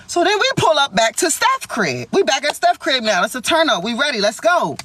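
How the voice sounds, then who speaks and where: A young woman telling a story in a vlog, animated, slangy and full of swearing. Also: high-pitched, a little fast, a little hiss or hum.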